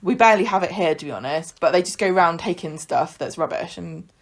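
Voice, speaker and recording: A woman's voice: on the low side, expressive, brisk, vocal fry. A woman co-hosting a casual podcast, recapping a soap with playful sarcasm. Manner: chatty, playfully sarcastic, acts out scenes. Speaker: podcast co-host.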